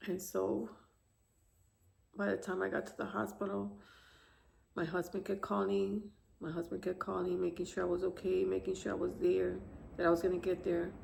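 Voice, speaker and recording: A woman in her fifties, a grieving mother, telling the story of her son's death to camera in a soft, halting, tearful way. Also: lowish voice, flat delivery, creaky. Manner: soft, halting, tearful retelling with quiet pauses. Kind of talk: emotional personal testimony to camera.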